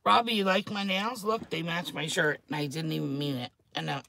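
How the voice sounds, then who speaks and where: Hoarse new lady rambling on camera, all hyped up, cusses a lot, sharp bright voice. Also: low voice, brisk. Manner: rambling, excitable, swears freely. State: hoarse throat. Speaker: vlogger. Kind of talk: casual chat to camera.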